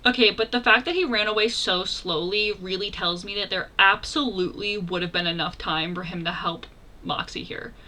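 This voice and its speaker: A young woman hosting a reaction video, talking casually and exclaiming excitedly as she comments. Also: medium pitch, moderate pace, slight background noise.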